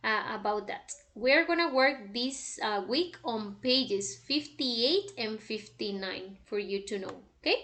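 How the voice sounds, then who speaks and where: A woman's voice: high-pitched, a bit bright. A woman, an English teacher walking her class through homework exercises and checking in with "okay?" after each step. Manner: explanatory, repeats "okay?" often. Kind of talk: recorded lesson walkthrough.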